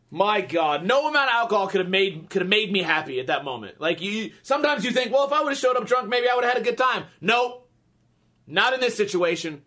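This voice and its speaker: A man's voice: high-pitched, sharp tone. A man in his thirties telling a comic story in a profane, exasperated rant.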